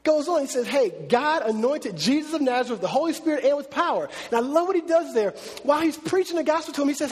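A man preaching a sermon to a congregation, casual and animated, mixing slang with scripture reading. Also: extremely high pitch, quick pace, few pauses. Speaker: pastor. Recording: long echo of a large hall.

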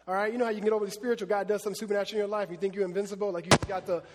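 Chatty high-voiced guy teaching the bible, lots of uhs, animated, echoey hall. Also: racing, heavy background noise. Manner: animated, chatty, many fillers. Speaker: preacher.

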